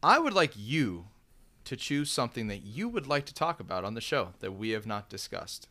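A man co-hosting a podcast, running a casual chat in a teasing, quiz-master way. His voice sits at an everyday middle pitch. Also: very animated, moderate pace, sharp tone. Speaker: podcast co-host.

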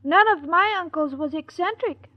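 A squeaky, scatterbrained girl. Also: normal speed. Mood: innocent. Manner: naive and earnest. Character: scatterbrained, sweet young woman. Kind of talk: 1940s radio sitcom acting. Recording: dull old radio recording.

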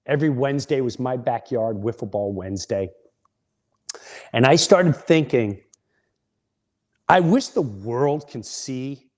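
A man's voice: medium pitch, darkish tone. A middle-aged man, a comedian hosting a podcast, telling a story in a casual, rambling way with frequent restarts.

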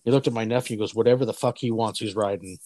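A man's voice: on the low side, very fast, a little mellow, dry recording. A man in his forties hosting a casual chat, telling stories in a loose, profane way and acting out the voices of people he quotes. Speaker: podcast host.

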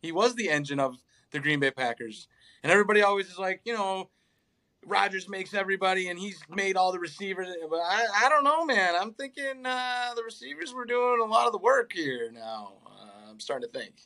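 A man's voice: high voice, animated, brisk, sharp tone. A young man co-hosting a casual sports chat, ranting in an exasperated way and swearing often. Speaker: podcast co-host.

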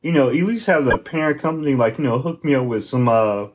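A middle-aged man chatting on a podcast, mid-pitched and loose, slipping into acted-out voices as he riffs. He talks in an easygoing, rambling way with plenty of fillers. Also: quick pace. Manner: animated, acts out imagined dialogue. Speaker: podcast co-host. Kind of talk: casual chat.

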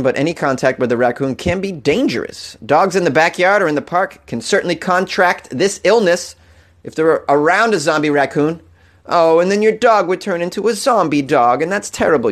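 A man hosting a comedic weird-news show, reading stories and riffing with laughing asides and mock outrage. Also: on the high side.

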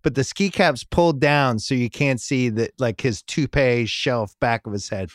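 A man's voice: medium pitch, moderate pace, no room sound, clean studio sound. A middle-aged man hosting a podcast, telling a rambling family story in casual chat and laughing at his own jokes. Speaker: podcast host.

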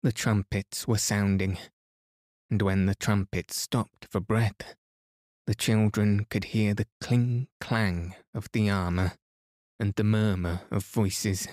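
A man calmly reading a children's book aloud as a bedtime story for sleep. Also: fairly low pitch, slow pace, no room sound, studio quality. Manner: calm, soothing. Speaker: podcast reader.

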